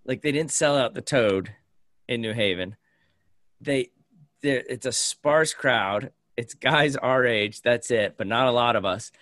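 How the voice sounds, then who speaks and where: An American man in his fifties co-hosts a podcast, telling a story in casual chat and animatedly acting out the people he quotes. His mid-range voice moves at a measured pace, recorded with clean studio sound and no echo.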